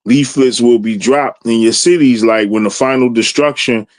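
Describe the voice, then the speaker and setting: A man's voice: mid-range voice, moderate pace, a little mellow, dry recording. A man chatting casually in a religious discussion podcast, loose and conversational, often asking "you know what I mean".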